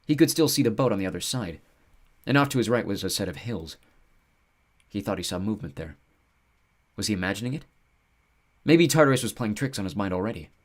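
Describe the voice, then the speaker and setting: A man narrating an audiobook with an expressive storytelling delivery. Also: lowish voice, brisk, long pauses.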